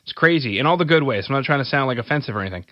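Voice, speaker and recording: A man's voice: mid-range voice, expressive, rapid-fire, no echo, lo-fi sound. A man from Canada hosting a podcast interview, upbeat and jokey, laughing often. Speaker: podcast host. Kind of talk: casual interview chat.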